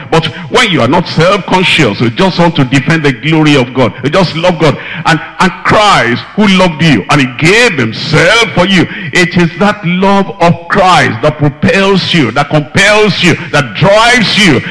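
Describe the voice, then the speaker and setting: A man preaching with an emphatic, repetitive delivery, pausing to read scripture aloud. His voice sits a little higher than most men's. It rings out with a long reverb, as in a church hall. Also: a bit bright. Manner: emphatic, repeats key phrases, quotes scripture. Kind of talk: sermon.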